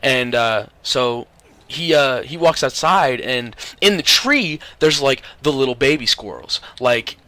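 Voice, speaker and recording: Bright-voiced young man rambling. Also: medium pitch, expressive, unhurried, no room sound. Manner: rambling, profane, many restarts and fillers. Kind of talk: casual storytelling.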